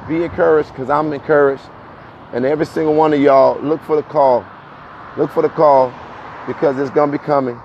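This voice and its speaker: A man hosting a casual live stream to his viewers, talking in while walking uphill, a bit out of breath, animated, repeating himself and laughing often. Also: fairly high pitch, brisk. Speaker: livestream host. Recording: dull lo-fi phone audio with faint street noise.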